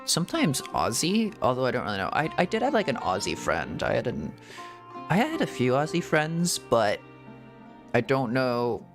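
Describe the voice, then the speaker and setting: This is a streamer's casual, rambling chat over a game, packed with fillers and restarts and breaking into giggles. The voice is animated, rising and falling across a wide range. Quiet game music plays underneath. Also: mid-range voice, moderate pace. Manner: rambling, filler-heavy talk with many "like"s and restarts; frequent giggling. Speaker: VTuber streamer.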